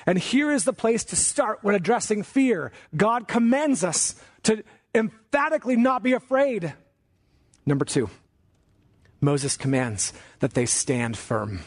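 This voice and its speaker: Emphatic male pastor preaching a sermon. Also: fairly high pitch. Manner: emphatic preaching, slows and rises on key commands.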